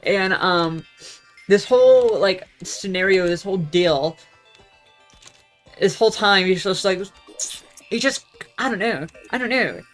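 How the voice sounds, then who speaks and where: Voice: mid-range voice, expressive, a little slow, pauses often, fairly bright tone, faint music behind. A young adult vlogger telling a story in a casual, profane, rambling rant that keeps losing its thread. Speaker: gaming vlogger.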